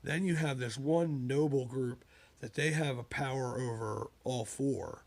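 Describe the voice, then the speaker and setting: Man, writer, casual monologue, rambling, digressive, mid pitch. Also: a little slow, vocal fry, a little mellow. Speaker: writer talking about his books.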